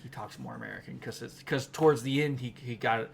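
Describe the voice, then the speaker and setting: A man's voice: medium pitch, fairly quick, gravelly, a little hiss or hum. Rambling, chuckling male podcast co-host. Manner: rambling, laughing, with frequent restarts and fillers. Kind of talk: casual chat recapping anime episodes.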